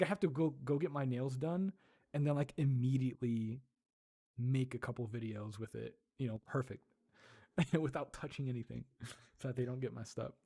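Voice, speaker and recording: A man's voice: medium pitch, dark tone, no echo, studio quality. A man from Europe hosting a casual livestream, chatting with viewers, laughing often and sounding out Portuguese words. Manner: chatty, laughs often, answers chat while practicing Portuguese aloud. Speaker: livestream host and ASMR creator.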